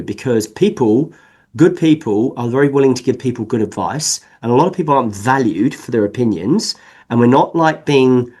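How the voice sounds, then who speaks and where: Emphatic man with a mixed English-Kiwi accent. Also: medium pitch. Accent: mixed English and New Zealand. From England. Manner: animated, emphatic, discursive. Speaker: sales consultant guest. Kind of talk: podcast interview.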